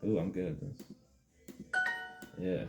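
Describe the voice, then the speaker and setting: A man hosting a mock language tutorial, rambling in deadpan with feigned confusion. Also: slow, highs cut off. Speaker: comedic video host. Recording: roomy sound with faint music.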